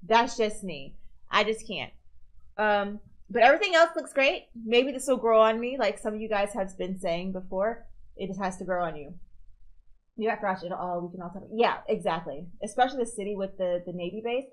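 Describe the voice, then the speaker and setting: A woman streamer giving casual, animated reaction commentary and answering viewer comments as she goes. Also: medium pitch, normal speed, rough recording. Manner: chatty, reads viewer comments aloud, animated.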